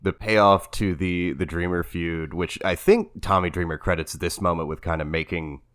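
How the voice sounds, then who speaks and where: A man's voice: deep voice, fairly even intonation, normal speed, fairly bright tone, no echo, clean studio sound. A man co-hosting a podcast, riffing with crude humor and retelling a match. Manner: crude humor, says dude. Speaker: podcast co-host. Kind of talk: casual podcast banter.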